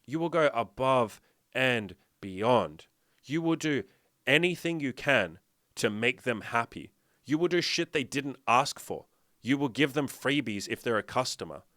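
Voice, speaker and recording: A man talks straight to his viewers in a blunt, swearing, emphatic way and keeps hitting them with rhetorical questions. His pitch sits in an ordinary middle range for a man. The recording is dry, with almost no room sound. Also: lively intonation, unhurried, bright, forceful tone, no echo. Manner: blunt, profane, emphatic lecturing. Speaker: dating and fitness coach. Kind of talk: direct-to-camera motivational talk.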